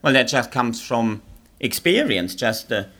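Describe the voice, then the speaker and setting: A man from Germany with a German accent, a comedian guest trading deadpan, blunt, mock-superior jokes. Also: medium pitch, a little slow. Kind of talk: deadpan stand-up banter.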